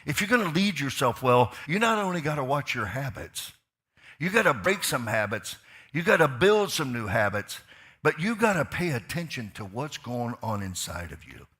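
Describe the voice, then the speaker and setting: A male pastor preaches from a church stage. His voice is bright and forceful. He drops to quiet asides, then rises to loud, fired-up stretches, and keeps firing repeated questions at the crowd. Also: mid-range voice, sing-song, moderate pace. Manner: asks the crowd questions, repeats lines for emphasis. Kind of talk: sermon. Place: church sanctuary.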